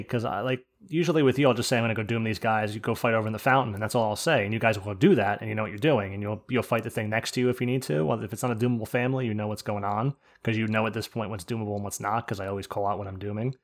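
A man's voice: on the low side, fast, hardly any pauses. A man who leads a game group, chatting casually and acting out the other players as he tells stories. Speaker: group leader discussing a game. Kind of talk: casual podcast chat.

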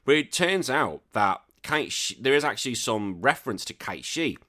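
A man's voice: mid-range voice, very animated, normal speed, pushed and bright. A British man hosting a retro gaming podcast, chatting casually and rambling, correcting himself and laughing as he goes. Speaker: podcast host. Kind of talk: casual solo chat.

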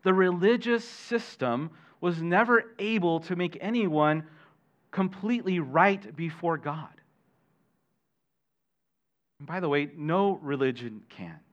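A middle-aged man preaching a sermon as pastor, animated, questioning his listeners and adding jokey asides. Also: fairly high pitch, takes it slowly, pauses often. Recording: dull lo-fi sermon recording.

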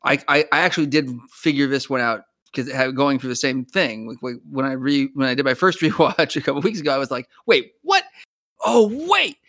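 Stammering young man, bright and dry. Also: mid-range voice, steady tone, fast, hardly any pauses, no room sound. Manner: stammering restarts, laughs often, swears casually. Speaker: podcast co-host. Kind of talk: casual chat.

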